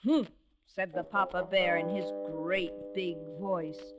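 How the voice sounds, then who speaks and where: A big gruff papa bear, voiced by a woman storyteller, grumbles his lines in a low, booming way. The sound is dull and old, like a worn vinyl children's record. An orchestra plays clearly behind him. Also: steady tone, slow pace. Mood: grumbling. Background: orchestra music.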